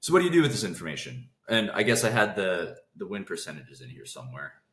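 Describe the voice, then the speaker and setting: A man with a very low voice runs through a casual trading lesson at a rapid clip. He keeps cutting off his own thoughts and starting over. The room around him has a clear echo. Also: huge pitch swings, a bit bright. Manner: fast talker who interrupts his own thoughts. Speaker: trading video host.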